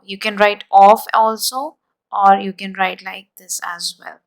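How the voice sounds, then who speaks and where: A woman teaching an exam-prep lesson, explaining deliberately and spelling words out letter by letter. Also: mid-range voice, fairly bright tone, rough recording. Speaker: IELTS teacher.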